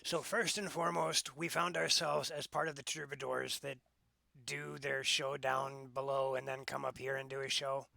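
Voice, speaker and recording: Male player in character, heavy gravel, very bright edge, dry close sound. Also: mid-range voice, level tone, dry recording. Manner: measured, politely formal in character. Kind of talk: in-character tabletop play.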